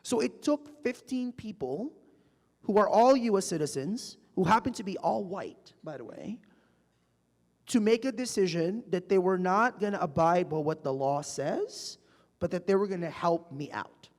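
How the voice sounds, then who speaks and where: A man's voice: sits high, normal speed. A man telling stories to a live audience in a large hall, acting out the people he quotes. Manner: animated storytelling, acts out quoted people. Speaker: guest speaker. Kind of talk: onstage public conversation. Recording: reverberant hall.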